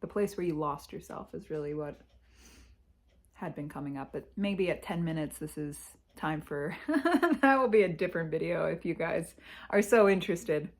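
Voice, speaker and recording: A woman speaking in a candid confessional vlog from her parents' house, reflective and halting, with sighs and pauses, close to tears. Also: sits low. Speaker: vlogger.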